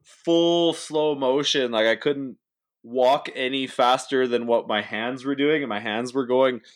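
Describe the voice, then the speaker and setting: A man's voice: medium pitch, fairly even intonation, measured pace. A young man co-hosting a podcast, rambling through a story with lots of "like" and swearing. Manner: rambling, profane, heavy on "like". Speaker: podcast co-host. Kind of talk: casual storytelling chat.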